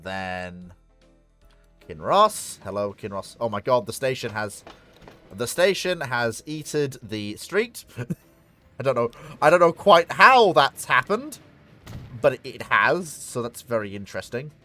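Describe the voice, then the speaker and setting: A man's voice: mid-range voice, expressive, a little slow, pushed and bright, soft background music. Chatty man streaming a train game. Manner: rambling, talks to himself and the game, self-mocking. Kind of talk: casual live-stream commentary.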